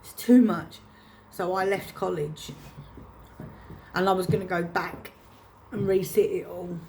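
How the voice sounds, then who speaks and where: A woman's voice: fairly low pitch, flat delivery, unhurried, gravelly, a little mellow, slight background noise. A woman telling a painful personal story to camera, emotional and reenacting her own past words. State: choked up. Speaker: vlogger.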